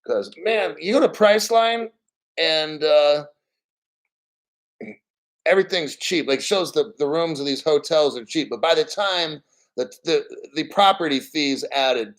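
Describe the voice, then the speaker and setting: A man's voice: on the high side, a little slow, a bit bright, low-quality recording. A man hosting a casual crypto stream, rambling bluntly and swearing freely. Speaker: crypto show host. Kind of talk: casual live-stream rant.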